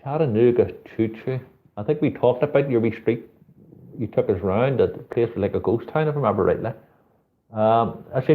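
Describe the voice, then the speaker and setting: A middle-aged man with a Northern Irish accent, telling a street story in casual chat and swearing freely. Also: mid-range voice. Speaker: street photographer hosting a live chat. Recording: tinny phone-like audio.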